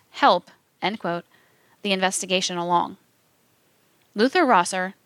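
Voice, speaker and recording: A woman reading scripted documentary narration in a measured, formal way. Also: mid-range voice, a bit bright, dry recording. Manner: measured, reads quotations aloud with formal announcements.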